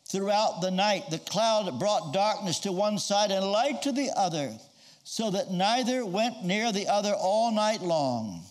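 Male preacher, high and very animated delivery, dramatic storytelling sermon. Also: unhurried. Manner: storytelling, acting out quoted voices.

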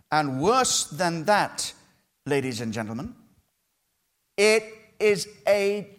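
A man preaching a sermon as pastor, lively and emphatic, acting out people's prayers. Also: high voice. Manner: animated preaching, acting out prayers in mock voices.

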